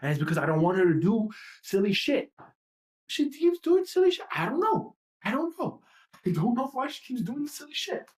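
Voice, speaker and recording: A brisk, expressive woman's voice at medium pitch belongs to a livestream host mid-rant. Her impassioned tirade is profane and heated, packed with repeated rhetorical questions.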